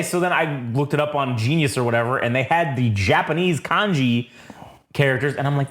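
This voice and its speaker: A man co-hosting an album review podcast, telling stories in an excitable, profane, animated way. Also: fairly high pitch, fast talker, echoey room. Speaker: podcast co-host. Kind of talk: casual album review chat.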